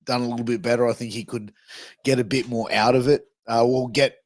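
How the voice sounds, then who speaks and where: A man's voice: mid-range voice, steady tone, brisk, a little mellow, no echo. Laid-back male podcast co-host. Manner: laid-back, casual swearing. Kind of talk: casual chat.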